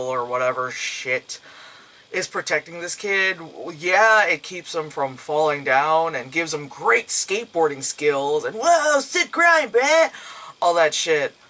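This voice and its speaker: A man's voice: a little high, expressive, a little slow, pushed and bright, rough recording. A young man giving a casual, profane movie review, rambling and acting out characters' lines.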